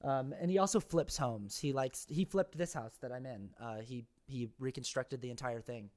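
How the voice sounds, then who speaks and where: A man in a relaxed remote interview, speaking from a house. His delivery is loose and meandering, with frequent restarts and fillers as he spins anecdotes. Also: medium pitch, moderate pace. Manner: rambling, filler-heavy storytelling. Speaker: interview guest, actor and content creator. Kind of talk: casual conversational interview. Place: at home, his brother's house.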